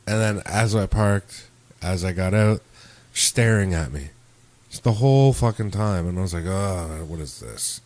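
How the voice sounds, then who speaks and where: A man's voice: lowish voice, moderate pace. A man hosting a podcast, chatting casually and telling stories full of swearing and acted-out quotes. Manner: profane, animated storytelling with acted quotes. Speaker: podcast host.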